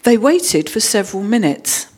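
A woman reading a children's storybook aloud in a measured, expressive way. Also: mid-range voice, breathy edge.

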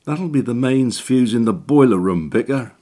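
A man's voice: medium pitch, lively intonation, normal speed, dark tone, voice pushed up, lightly acted. A man doing a chortling, grinning church helper. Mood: teasing. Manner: chortling, teasing. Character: grinning, simple-minded male church helper.

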